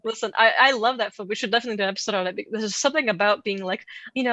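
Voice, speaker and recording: Animated woman telling folklore, dry sound. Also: medium pitch, fast talker, hardly any pauses, no room sound. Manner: animated, laughing, playful asides. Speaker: podcast co-host. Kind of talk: casual chat, telling folklore.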